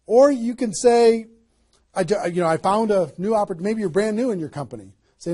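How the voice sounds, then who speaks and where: A man giving a motivational seminar talk as a network marketing trainer, energetic and emphatic, firing rhetorical questions at a live audience. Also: high voice, normal speed.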